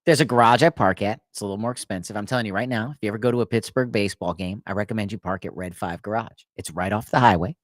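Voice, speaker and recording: A man's voice: lowish voice, very fast, hardly any pauses, dry recording, studio quality. A man hosting a podcast, telling a long rambling story in casual chat and laughing at his own jokes. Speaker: podcast host.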